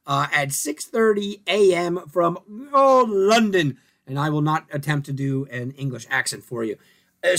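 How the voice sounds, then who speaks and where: A man with a voice on the high side and a fairly bright tone hosts a sports talk show. Casually dissecting rankings and statistics, he thinks out loud and keeps asking rhetorical questions.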